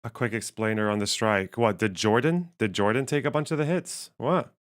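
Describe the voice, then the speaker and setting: Working through the chat on his live stream, a man offers laid-back commentary, laughing and dropping curse words as he reasons aloud. His strained voice has no real bottom to it, and his pace is moderate.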